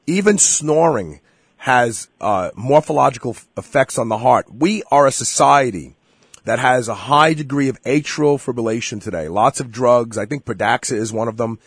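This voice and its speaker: A man's voice: mid-range voice, normal speed, husky, no room sound, clean studio sound. A man hosting a radio health interview, talking emphatically and speaking straight to his listeners. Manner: emphatic, direct address to listeners. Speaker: radio show host.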